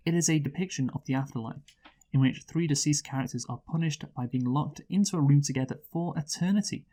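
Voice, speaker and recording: A man's voice: fairly high pitch, quick pace, warm tone. A man hosting a movie review show in casual chat. He reads out a plot summary and keeps steering the talk back to the film.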